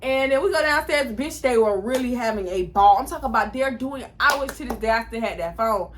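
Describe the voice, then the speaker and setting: A woman in her twenties telling a storytime in a casual, animated, profane way, acting out what people said. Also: on the high side, brisk, slight background noise. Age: 20s. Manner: animated, profane, acts out quotes. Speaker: vlogger.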